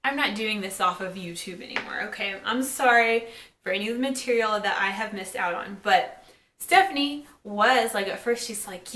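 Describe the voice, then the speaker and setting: Chatty bright-voiced woman recapping. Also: mid-range voice. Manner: chatty, quotes characters in quick asides. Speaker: TV episode reviewer. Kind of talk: casual recap commentary. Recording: echoey room.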